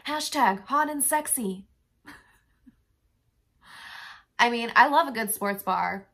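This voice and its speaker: A young woman reading comments aloud for comedy in a smooth, polite voice-assistant impression. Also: on the high side, lively intonation, takes it slowly, pauses often, fairly bright tone, soft background music. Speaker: YouTube comedian.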